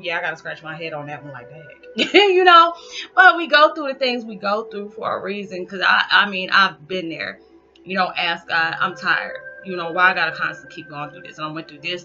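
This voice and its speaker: A woman vlogger rambling candidly about hard times, joking at herself and laughing often. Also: deep voice. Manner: rambling, self-deprecating humor with frequent laughs. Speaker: spiritual vlogger. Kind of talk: candid monologue. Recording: dull lo-fi with faint background music.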